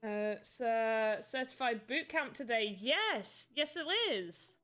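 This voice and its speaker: A woman's voice: fairly high pitch, lively intonation, slow, a bit bright, faint music behind. A woman with a British accent chatting casually on a livestream. She rambles a little while answering her chat. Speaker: livestreamer making voxel art.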